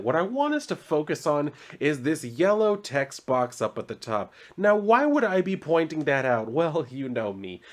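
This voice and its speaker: Man, mid-pitched, casual comic recap vlogger, rambling and chatty with asides. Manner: loose and conversational, full of "like" and asides, riffing and exasperated. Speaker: comic book reviewer. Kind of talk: casual video commentary.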